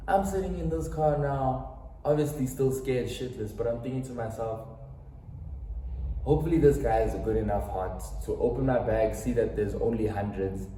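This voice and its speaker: Young South African man, dramatic storyteller, mellow tone, echoey room. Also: fairly low pitch, recorded from a distance, slight background noise. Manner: dramatic, quotes voices, slangy asides to viewers. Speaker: storytime vlogger. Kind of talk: animated storytime vlog. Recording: roomy echo, off-mic, faint music.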